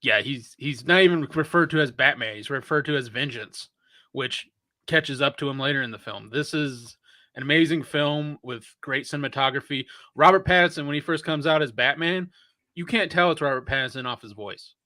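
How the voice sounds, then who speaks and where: Man, podcast co-host, bright forceful voice, enthusiastic, filler words, dry close mic. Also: mid-range voice, a little fast, dry recording. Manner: enthusiastic, uses "like" a lot. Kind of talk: casual film review chat.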